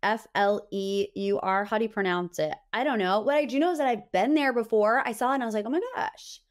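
A young adult woman hosting a podcast, recapping reality TV in a chatty, animated way full of gossipy asides. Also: mid-range voice, quick pace. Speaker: podcast host. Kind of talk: casual pop-culture recap.

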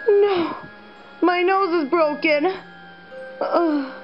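A woman voicing an upset young male toy bear who complains in a high, wailing voice. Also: very slow, muffled recording, faint music behind, full character voice. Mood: dismayed. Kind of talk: toy play-acting.

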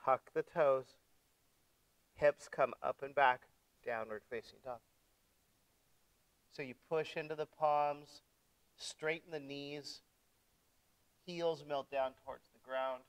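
A male yoga teacher guides his class through breathing and poses with gentle, step-by-step cues. He talks very slowly, with a voice that sits a little high for a man, and keeps things playful for his young students. The sound is dry and close. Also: steady tone, smooth, no echo, poor audio.

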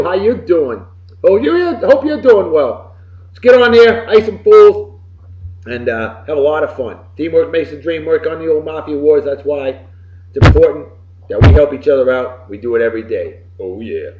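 A man from Massachusetts, hosting a show and giving folksy, boisterous birthday shout-outs. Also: a little high. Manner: boisterous and folksy, swinging loud and soft. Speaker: podcast host. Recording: roomy, slightly dull lo-fi recording.

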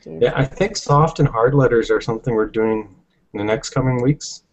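A man teaching a language lesson, explaining patiently step by step, often pausing with ums. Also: medium pitch, rough recording.

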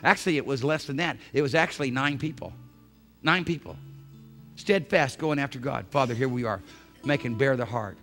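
A male pastor preaching a sermon in church, swinging from hushed, intimate phrases to shouted emphasis. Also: medium pitch, fairly quick, faint music behind. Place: church sanctuary.

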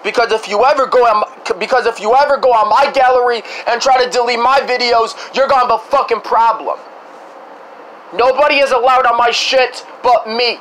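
Very high-pitched man, furious, swearing, tripping over his words, faint background hiss. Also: steady tone, a little fast, a bit bright, poor audio. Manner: furious, swearing, stumbling over repeated restarts. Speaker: vlogger. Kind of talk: angry ranting to camera.

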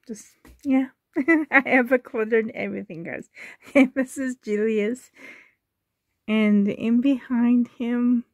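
A woman talks slowly and gently, her voice a little on the high side, recorded dry and close on a handheld camera in her bedroom. She is soft-spoken and doting, and often slips into a whisper. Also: no echo. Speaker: doll collector vlogger. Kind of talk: casual show-and-tell chat. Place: home bedroom.

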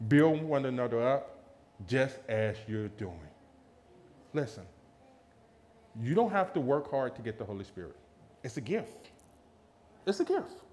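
A man preaching a lively sermon, telling a personal story and acting out quotes with laughter. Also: medium pitch. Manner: animated, laughing, acts out quotes in a raised voice.

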